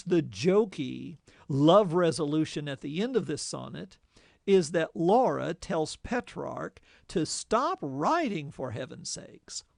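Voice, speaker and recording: A man giving a measured lecture on a poem, explaining it with wry asides. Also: sits high, vocal fry, no room sound, studio quality. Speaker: literature teacher.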